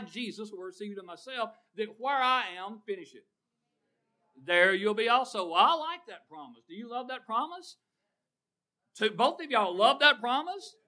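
A man's voice: high voice, sharp tone. A middle-aged man preaching a sermon, telling folksy stories and asking the congregation questions.

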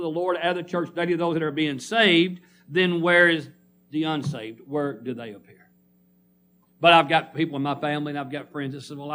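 Before a congregation, this preacher reads scripture and draws responses from the church in a forceful call-and-response sermon. His voice sits on the high side with a slightly bright tone.

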